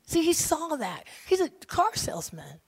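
A woman preacher delivers a sermon in a fairly high voice, moving from bursts of loud excitement to hushed, earnest stretches. She tells stories with energy and briefly acts out the people in them. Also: moderate pace, vocal fry. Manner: animated storytelling, swinging from loud excitement to quiet intensity.

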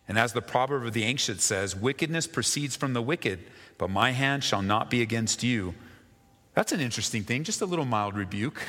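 A man's voice: on the low side, expressive. Man preaching in an echoing hall. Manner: earnest preaching, swinging between raised emphasis and hushed, slow asides. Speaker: pastor. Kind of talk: sermon. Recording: long reverb of a large hall.

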